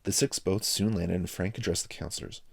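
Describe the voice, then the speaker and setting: A man with a very low, gravelly voice reads a chapter of a children's book aloud. He narrates plainly and steadily. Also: fairly even intonation, brisk. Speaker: reader. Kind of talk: reading a novel aloud.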